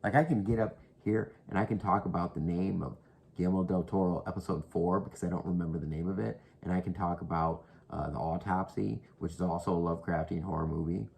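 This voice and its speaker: A man's voice: low-pitched, fairly even intonation, fast talker, vocal fry, darkish tone. A man casually rambling through horror movie recommendations, profane and half-whispered, talking close to the mic at home. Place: indoors at home.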